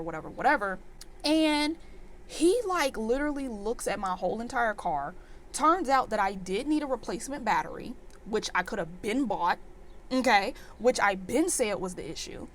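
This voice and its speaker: A woman in her twenties telling a storytime vlog in an animated, exasperated rant full of fillers. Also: mid-range voice, a little hiss or hum. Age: 20s. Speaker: vlogger.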